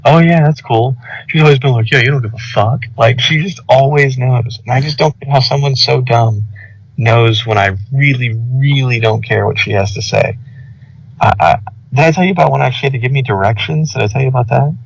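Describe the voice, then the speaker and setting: Rambling young guy, gravelly. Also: mid-range voice, fairly quick. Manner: rambling, lots of "like" fillers, animated retelling. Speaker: podcast co-host. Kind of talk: casual storytelling chat. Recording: dull lo-fi audio.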